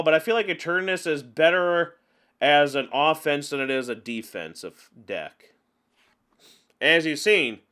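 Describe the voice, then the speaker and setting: A man giving casual gameplay commentary on a card game, chatty and openly venting his frustrations with animated outbursts. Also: a little high. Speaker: gaming channel host.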